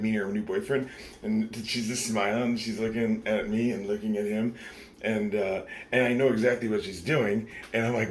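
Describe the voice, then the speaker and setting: A man's voice: lowish voice, a little hiss or hum. A very tired man in his thirties rambling through a late-night confessional vlog, profane and full of fillers. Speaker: vlogger.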